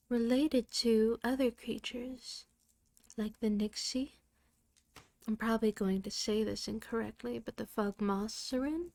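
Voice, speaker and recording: Slow, high-voiced woman reading aloud. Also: a little mellow, dry recording. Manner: careful and unhurried, with chatty asides between passages; slips into a light Irish lilt when reading dialect passages. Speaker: reader. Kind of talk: reading folk tales aloud.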